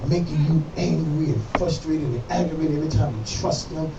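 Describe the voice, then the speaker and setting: A man preaching a sermon as pastor, in call-and-response style that climbs into shouting. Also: on the high side, a little fast, vocal fry, far from the mic, muffled recording, noisy background. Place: church sanctuary. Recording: echoey church room, voice from afar. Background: congregation responding, organ music.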